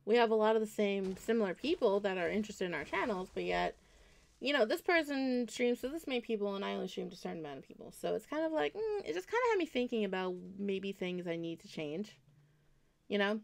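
A woman streamer talks loosely to her viewers mid-game, with a gravelly, fry-edged voice at an ordinary middle pitch. She rambles and restarts her sentences, often stopping to correct a word and reassure the people listening. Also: lively intonation, fast. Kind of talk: casual chat to stream viewers while gaming.

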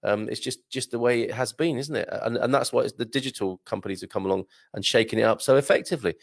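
A man's voice: mid-range voice, fast, gravelly, no echo, clean studio sound. A man hosting a casual livestream, reading out viewer comments, chatty and hesitant with lots of fillers and frequent laughter, his throat a little strained. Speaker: livestream host.

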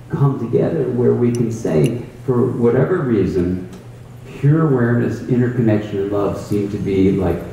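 A man's voice: fairly low pitch, gravelly, dark tone, slight background noise. A man, a mindfulness teacher, explaining his practice in a thoughtful storytelling way. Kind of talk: reflective conversational explanation. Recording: roomy echo, distant mic, faint ambience.

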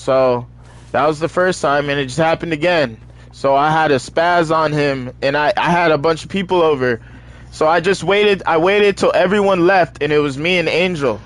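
A young man streaming a video game, chatting casually in heavy slang and telling animated stories between excited outbursts. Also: fairly high pitch, moderate pace. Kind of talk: casual stream chat while gaming.

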